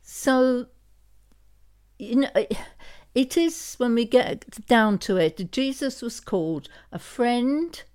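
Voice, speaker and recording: A woman's voice: fairly high pitch, animated, takes it slowly, a little mellow, clean tone. Thoughtful woman telling a story. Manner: reflective storyteller, many ums and restarts. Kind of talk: casual faith podcast discussion.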